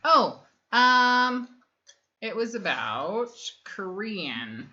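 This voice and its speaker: This livestream co-host, a woman in her thirties, chats aimlessly on a casual family stream and reads viewer comments between frequent ums. Her medium-pitched voice is sing-song, bright, and forceful, drawing words out, while the stream audio sounds dull and lo-fi.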